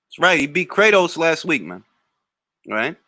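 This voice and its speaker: A man hosting a live boxing Q&A, answering chat comments in a blunt, slangy, animated way. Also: fairly high pitch, normal speed, dry recording. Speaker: boxing talk show host.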